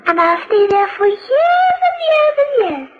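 An earnest little girl of five, chattering in a very high, bouncy voice. The radio recording is old and dull, with a lo-fi sound. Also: big pitch swings, a little slow, a little hiss or hum, heavily acted. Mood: innocent chatter. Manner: prattling, earnest, childlike.

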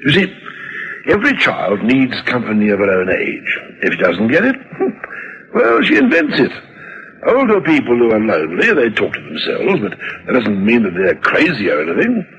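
An older family doctor, calm and explanatory, his pitch lively. The old radio recording is dull and lo-fi. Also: moderate pace, slight background noise.

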